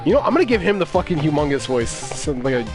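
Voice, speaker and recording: A man's voice: on the high side, sing-song, fast talker, over music. A man playing a game and commenting in a profane, exasperated, self-mocking way. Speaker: let's play host.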